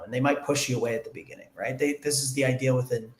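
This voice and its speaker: A man's voice: mid-range voice, steady tone, fast. A man being interviewed, explaining earnestly in casual conversation and retelling bits of dialogue. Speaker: interview guest. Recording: echoey room.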